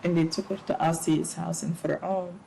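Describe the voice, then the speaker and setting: A middle-aged woman speaking as an interview guest, giving animated, preachy advice with playful asides. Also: fairly low pitch, normal speed, vocal fry, a little hiss or hum, rough recording. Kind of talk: casual interview talk.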